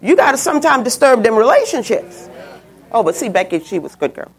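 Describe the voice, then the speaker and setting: A middle-aged woman preaching a sermon, telling a personal story and swooping up high when she quotes people. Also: big pitch swings, quick pace.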